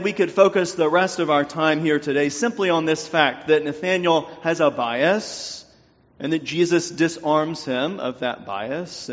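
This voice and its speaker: A man from North Louisiana with a faint Southern accent, preaching a sermon in a measured, deliberate way with pauses. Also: a little high. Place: church sanctuary. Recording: dull sound with long reverb in a church.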